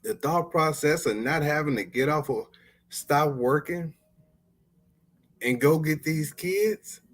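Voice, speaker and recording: A man's voice: fairly high pitch, takes it slowly. A man hosting his own podcast, telling stories in a loose, playful, slangy way. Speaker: podcast host. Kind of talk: casual solo podcast monologue.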